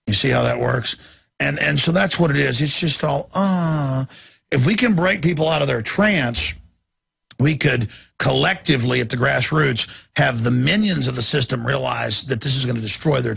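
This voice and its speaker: A man's voice: medium pitch, moderate pace, fairly bright tone, no room sound, studio quality. A middle-aged man hosting a talk show, ranting intensely and acting out voices as he goes. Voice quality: gravelly. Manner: intense, acts out voices mid-rant. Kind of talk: impassioned talk-radio rant.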